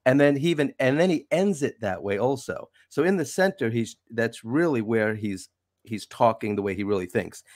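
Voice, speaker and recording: A man appearing as a guest analyst in a casual chat, speaking emphatically and with lively stress. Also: medium pitch, moderate pace, no room sound, studio quality.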